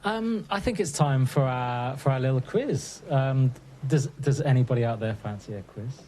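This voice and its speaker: A man hosting a casual live online chat show, unhurried with frequent pauses. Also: mid-range voice, lively intonation, dark tone, a little hiss or hum. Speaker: show host.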